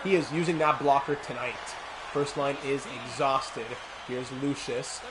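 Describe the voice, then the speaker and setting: A man's voice: mid-range voice, measured pace. Man doing play-by-play over game noise. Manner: mock sportscaster calls, asides to chat. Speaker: streamer playing a hockey video game. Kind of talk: play-by-play commentary while gaming.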